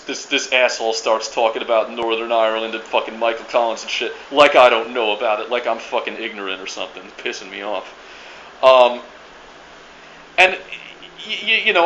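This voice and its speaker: Man, bright forceful voice, profane rambling rant, stammers and restarts, dull muffled lo-fi sound. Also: medium pitch, slight background noise. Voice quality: restless, many restarts and stammered repeats. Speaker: video blogger ranting to viewers.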